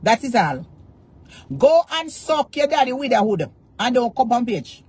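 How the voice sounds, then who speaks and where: A woman's voice: on the high side, sing-song, measured pace, a little mellow, breathy edge. A Jamaican woman ranting defiantly to her followers, cursing in Patois and repeating taunts. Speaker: social media personality. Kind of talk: angry rant to camera.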